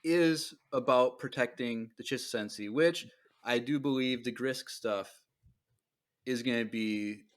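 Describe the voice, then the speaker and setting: A man's voice: mid-range voice, measured pace. A man co-hosting a podcast in casual chat, laying out his reasoning. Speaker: podcast co-host.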